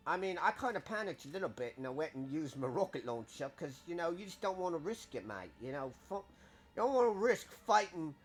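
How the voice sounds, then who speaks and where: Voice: mid-range voice, very animated, breathy edge. A streamer doing a put-on British accent, rambling in mock outrage with heavy slang over live gameplay. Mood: mock-outraged. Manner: over-the-top slang, drawn-out indignant rambling. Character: exaggerated slangy Brit, adult, dramatic and mock-outraged.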